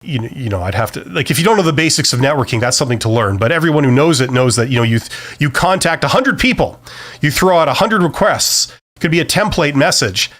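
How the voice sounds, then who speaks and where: A man's voice: fairly high pitch, animated, quick pace, fairly bright tone. A middle-aged man hosting a live-stream Q&A, giving career advice in a loose, conversational way full of fillers and restarts. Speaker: career advice host answering viewer questions.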